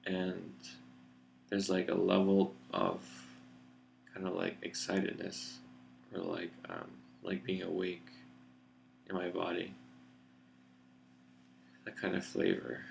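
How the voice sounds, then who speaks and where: A man giving a reflective personal video update in a relaxed, grounded chest voice, unhurried and thoughtful as he searches for words. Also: low voice, gravelly, slight background noise. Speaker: vlogger. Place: seated in a chair indoors.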